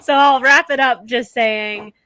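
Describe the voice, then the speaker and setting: A woman's voice: sits high, steady tone, measured pace, pushed and bright, slight background noise. A woman talking casually on a video call, gushing and rambling with lots of "like". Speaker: panelist. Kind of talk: casual group chat on a live video call.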